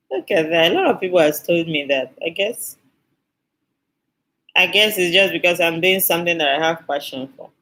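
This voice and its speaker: A woman's voice: on the low side, moderate pace, pauses often, bright, forceful tone, rough recording. A woman hosting a skincare live stream, chatting with viewers and thanking them effusively, often repeating her phrases. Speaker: skincare channel host.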